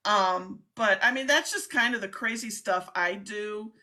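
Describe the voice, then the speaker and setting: A middle-aged woman hosting a casual live-stream chat, talking in an excitable, chatty way. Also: medium pitch, measured pace. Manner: chatty, excitable, laughs often. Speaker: host, scam baiter.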